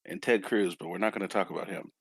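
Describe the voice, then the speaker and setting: A man's voice: low voice, quick pace, breathy edge. A man co-hosting a casual podcast chat, dropping dry, wry asides. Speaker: podcast co-host.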